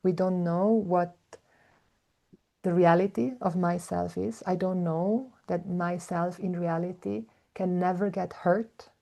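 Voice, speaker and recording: A woman giving a reflective spiritual talk, speaking slowly and thoughtfully with soft hums and fillers. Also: on the low side, fairly even intonation, gravelly. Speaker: spiritual teacher, podcast host.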